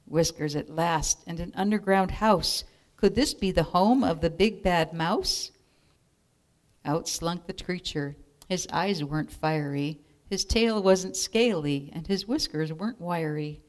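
A woman reading a rhyming children's picture book aloud in a measured, rhythmic way. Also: fairly low pitch. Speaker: storybook reader.

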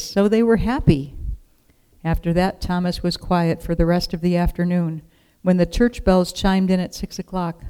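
Calm storybook reader, mellow warm voice, smooth and clear. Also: mid-range voice. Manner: calm, measured narration. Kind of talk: storybook reading.

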